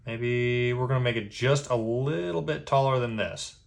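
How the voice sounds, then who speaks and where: A man giving a step-by-step drawing lesson, patient and easygoing, checking in with a quick "okay?" after each step. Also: medium pitch, vocal fry. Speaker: drawing instructor.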